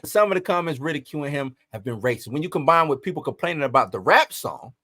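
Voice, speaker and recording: Animated man with a bright, high voice. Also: fast, no echo. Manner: animated, emphatic, rhetorical questions. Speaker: host. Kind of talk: entertainment news commentary.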